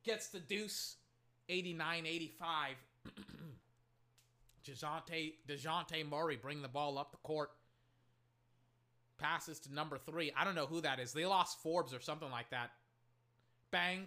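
A man with a mid-range voice gives casual play-by-play commentary on his own mic as a fan. He gets excitable and is quick to rant and swear at players and referees.

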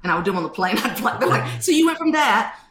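A woman, a podcast guest telling stories in an animated way and acting out quotes. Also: on the high side, fast, reverberant. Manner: animated storytelling, acts out quotes. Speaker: guest author. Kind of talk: podcast interview.

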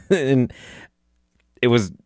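A man's voice: mid-range voice, big pitch swings, extremely slow, warm tone, no room sound, studio quality. A young man telling an emotional story about a friend, choking up and swearing, laughing through the tears. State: choked up, close to tears. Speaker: hunting personality.

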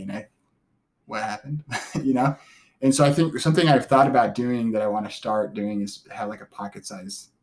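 A man co-hosting a family podcast, chatting casually with hesitant restarts and easy laughs. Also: mid-range voice. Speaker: podcast co-host. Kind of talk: casual chat.

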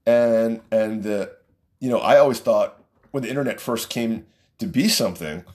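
A man's voice: fairly low pitch, normal speed, darkish tone. A middle-aged man giving a casual, exasperated opinion rant, often repeating himself. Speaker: vlogger.

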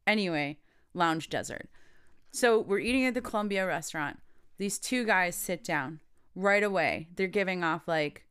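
A woman's voice: lowish voice, normal speed, fairly bright tone, smooth. A woman co-hosting a podcast, casually telling a story, quoting people and laughing often. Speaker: podcast co-host.

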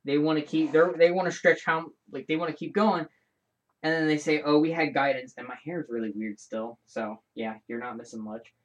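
Rambling, lively man hosting his show. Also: fairly high pitch, a little fast, lo-fi sound. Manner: rambling, animated, frequent restarts and asides. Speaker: show host. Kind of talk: casual solo podcast chat.

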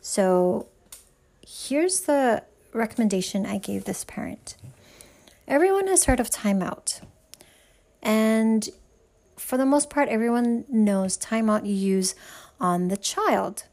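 A woman's voice: mid-range voice, expressive, slow pace, a little mellow. Woman talking to camera, frank and emphatic, giving parenting tips. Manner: frank, emphatic, talks straight to the listener. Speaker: parenting advisor. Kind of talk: direct advice monologue.

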